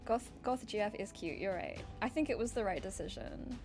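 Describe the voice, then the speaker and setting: A woman's voice: mid-range voice, lively intonation, brisk, a little mellow, soft background music. A woman streaming a game, chatting casually and giggling, with many "like"s and "um"s. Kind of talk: casual game livestream chat.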